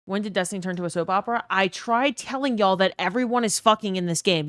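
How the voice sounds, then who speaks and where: A woman from the US South streams a game and chats to her audience in a blunt, profane, animated way. Her voice is close and dry. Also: mid-range voice, fast, no room sound. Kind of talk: casual livestream commentary.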